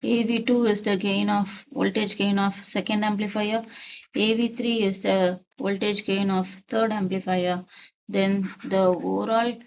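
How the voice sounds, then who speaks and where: A woman teaching a lesson step by step, deliberately repeating her key points. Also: medium pitch, level tone, gravelly, lo-fi sound. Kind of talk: step-by-step lecture.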